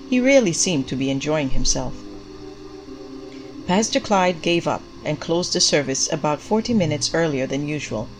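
Low-voiced woman narrating a story. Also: rough recording. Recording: faint background music.

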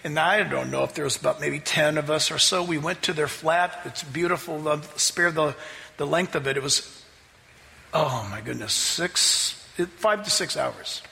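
A man preaching a sermon as pastor, telling a story with animated delivery that rises toward near-shouting at the climaxes. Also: on the high side, moderate pace, vocal fry. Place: church sanctuary. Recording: hall reverb, faint ambience.

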